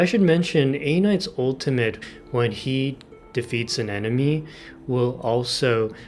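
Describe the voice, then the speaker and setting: A man hosting a gaming video, explaining team setups in casual commentary and exclaiming with enthusiasm over game details. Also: mid-range voice.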